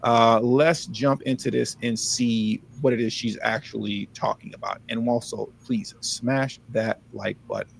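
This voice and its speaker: A man's voice: medium pitch, fairly even intonation, a little slow, vocal fry, slight background noise. A man hosting a casual livestream commentary, talking in an emphatic, pleading, repetitive way. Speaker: livestream host.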